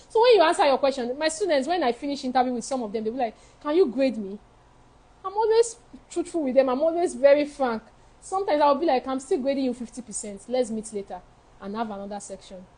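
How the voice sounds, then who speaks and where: Lady counselor, high voice, blunt and emphatic, says everything twice. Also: warm tone, rough recording. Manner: frank, emphatic, repeats key points. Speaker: study-abroad counselor. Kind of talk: live advice session answering viewer questions.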